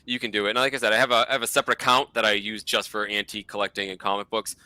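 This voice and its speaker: Fast-talking man with a Boston accent. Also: lowish voice, little pitch movement, pushed and bright, clear, resonant tone, dry recording. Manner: rambling, with many fillers. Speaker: guest collector. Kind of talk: casual chat.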